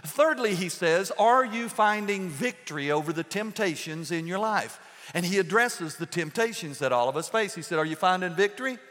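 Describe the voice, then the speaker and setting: A man's voice: sits high, expressive, moderate pace, fairly bright tone. A man pastor preaching a live sermon to his congregation in a church, folksy and joking as he talks to the crowd. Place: church sanctuary before a congregation. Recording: long reverb of a church hall.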